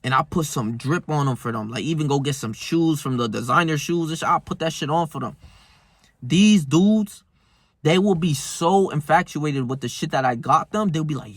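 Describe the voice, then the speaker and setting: A young self-improvement vlogger tells stories in a casual, heated monologue loaded with slang and cursing. His voice is fairly high with lively intonation, at a moderate pace, with no echo.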